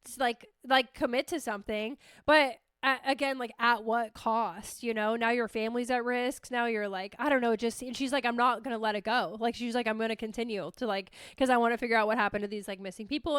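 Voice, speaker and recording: Woman host, young adult, casual solo chat, slightly high, smooth tone, animated and profane. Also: dry recording, clean studio sound. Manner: animated, swears freely, acts out her own reactions. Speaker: podcast host.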